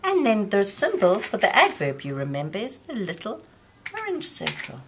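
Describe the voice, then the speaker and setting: A woman teaching young children in a gentle, patient way, often asking them questions. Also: medium pitch, wildly swooping pitch, normal speed, slight background noise. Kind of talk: slow children's lesson.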